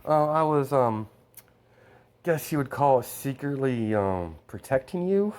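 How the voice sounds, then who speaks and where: A man's voice: mid-range voice, animated, unhurried, a little mellow, clean tone, voice pushed up, natural voice. A man voicing a polite, protective teenage boy hero who hesitates and fills his lines with ums. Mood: sheepish.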